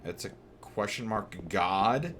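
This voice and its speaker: A man's voice: lowish voice, animated, slow, fairly bright tone, slight background noise. A man streaming a horror game, giving joking casual commentary, talking to the characters and swearing when things go wrong. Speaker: gameplay streamer. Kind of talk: casual let's-play commentary.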